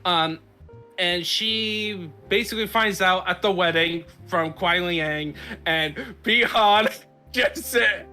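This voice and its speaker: A man hosts a casual podcast, recapping a story in a loose, rambling way full of fillers and restarts. His voice sits a little high and sounds forceful. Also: takes it slowly, faint music behind. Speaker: podcast host.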